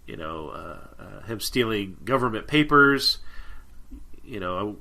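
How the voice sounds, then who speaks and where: Male podcast co-host, lively pitch, bright edge, loose chatty plot recap. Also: normal speed, creaky. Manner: chatty plot summarizing with fillers. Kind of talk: casual chat recapping a TV episode.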